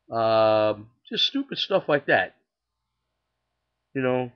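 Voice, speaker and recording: A man's voice: mid-range voice, animated, takes it slowly, pauses often, dull audio. Rambling chatty man telling stories. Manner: rambling and chatty, with frequent fillers and laughs. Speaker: storyteller. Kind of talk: casual personal storytelling.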